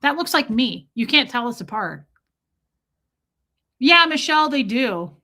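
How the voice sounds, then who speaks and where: Chatty woman with a slightly high voice. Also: very animated, a little slow, sharp tone. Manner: chatty, reads chat aloud, baby-talks to her dogs. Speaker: livestream host. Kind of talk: casual livestream chat.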